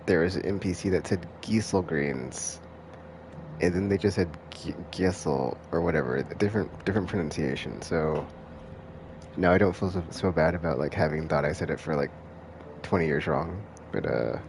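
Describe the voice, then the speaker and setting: Deep gravelly guy rambling over his game stream, noisy mic. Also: a little fast. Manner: rambling, self-correcting. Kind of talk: casual commentary.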